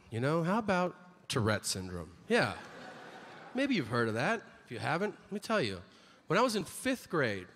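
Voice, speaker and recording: A man performing stand-up comedy on a theater stage, telling stories with animated delivery and jumping high for quoted voices. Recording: large hall with reverb, faint noise.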